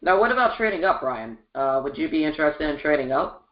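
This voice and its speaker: A man's voice: a little high, expressive, fairly quick, echoey room, muffled recording. A man co-hosting a casual sports podcast, giving confident, emphatic opinions. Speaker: co-host.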